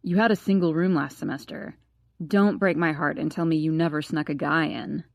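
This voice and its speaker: A woman's voice: deep voice, fairly even intonation, moderate pace, vocal fry, no echo, studio quality, pitched below the performer's own voice. A woman reading an audiobook, voicing a gossipy, theatrical teenage boy who teases his friend. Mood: teasing. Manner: teasing, dramatic, wheedling. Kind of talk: audiobook character voice.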